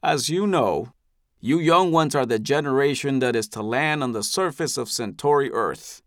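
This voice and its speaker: A man voicing an older male ship leader in an audiobook, speaking in a grandfatherly, theatrical, deliberate way. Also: medium pitch, animated, dry recording, studio quality, natural voice. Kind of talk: audiobook character voice.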